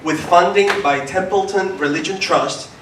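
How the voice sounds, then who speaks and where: Spanish accent guy, friendly host, trips on names, kinda high voice, far off, echoey. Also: moderate pace, noisy background. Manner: friendly, stumbles over names. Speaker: conference host introducing speakers. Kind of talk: speaker introduction. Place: conference hall. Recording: echoey hall, distant mic.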